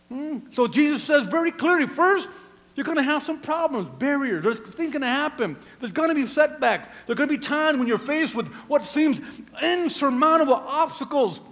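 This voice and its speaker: Male pastor mid-sermon: high, gravelly voice, swings from hushed to shouting, long church reverb. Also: animated, fairly quick. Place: church sanctuary.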